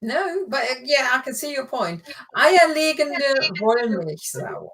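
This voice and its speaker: Woman, German accent, native German tutor, fairly high lively voice, patient corrections, dull lo-fi audio. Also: moderate pace. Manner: patient, explaining and correcting pronunciation. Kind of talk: casual live language lesson.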